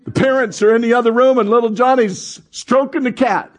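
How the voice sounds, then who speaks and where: A man preaching a sermon as pastor, animated, calling on the congregation to respond and acting out voices in his stories. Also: very high-pitched, brisk.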